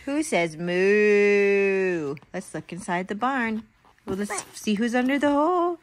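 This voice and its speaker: A mother reading a picture book aloud to her toddler in an animated, sing-song way, with gasps, exclamations and animal sounds. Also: fairly high pitch, moderate pace, dry recording.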